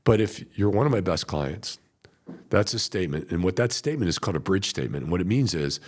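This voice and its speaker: A man's voice: deep voice, fast. A middle-aged man, a veteran wholesaler talking in a conversational coaching way and acting out client quotes as he goes. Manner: animated storyteller, acts out client quotes.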